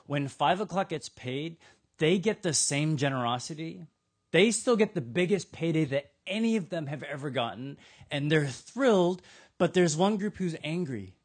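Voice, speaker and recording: Animated male preacher telling a parable. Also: a little high, moderate pace. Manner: animated storytelling, acting out characters. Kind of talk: sermon.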